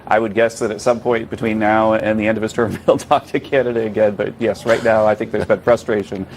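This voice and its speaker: Male interview guest, lowish voice, measured and hedging, faint background noise. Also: level tone, a little mellow. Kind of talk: news interview.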